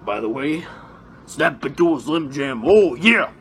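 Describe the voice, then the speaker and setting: A hyped-up pro wrestler, as a man puts him on, growls low and then erupts into shouts. He is brash and showy, with a soft hiss underneath. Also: expressive, unhurried. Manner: growling, wild swings from rasp to yell.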